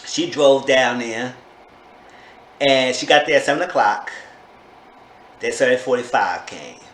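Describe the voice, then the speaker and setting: A man in a casual vlog, recapping a reality show with gossipy commentary and sudden high-pitched bursts of disbelief. His voice sits at an ordinary middle pitch. The room is echoey, with a faint hiss of background noise. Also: fairly bright tone. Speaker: TV show reviewer.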